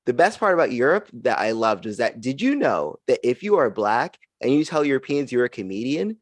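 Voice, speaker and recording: A young man doing a stand-up comedy set on a live video-call show, with an animated, punchy delivery and frequent laughs. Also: mid-range voice, a little fast, dry recording, clean studio sound. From United States.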